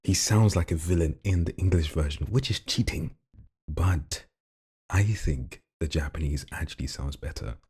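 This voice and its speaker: A man with a very deep, gravelly voice full of vocal fry, chatting casually and jokingly in a vlog while showing off voices at home late at night. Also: moderate pace, no echo, clean studio sound. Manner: relaxed, chatty, jokey asides. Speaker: hobby voice actor.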